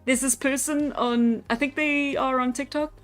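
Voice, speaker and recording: In this casual livestream, a young artist draws and talks with her viewers, giggling and chatting, laughing a lot and often starting over. She speaks at a moderate pace in a high-pitched, steady tone, with faint music behind her.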